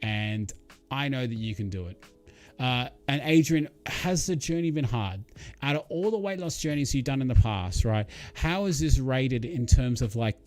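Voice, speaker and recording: A man's voice: medium pitch, a little mellow. Chatty man streaming live. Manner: rambling and chatty, reading out viewer comments, with many fillers. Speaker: livestream host. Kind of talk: casual live-stream chat.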